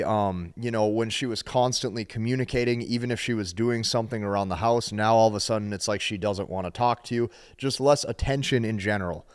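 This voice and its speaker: A man's voice: mid-range voice, darkish tone, clear, resonant tone. A man giving dating advice straight to camera, emphatic and repetitive, often checking in with "okay?". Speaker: dating coach. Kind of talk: direct-to-camera advice talk.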